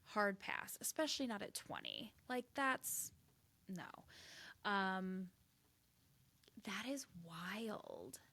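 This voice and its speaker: A woman's voice: mid-range voice, very animated, slow pace, pauses often, bright, forceful tone. A woman in her thirties co-hosting a podcast, chatting casually and acting out quoted voices with animation. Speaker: podcast co-host. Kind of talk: casual chat.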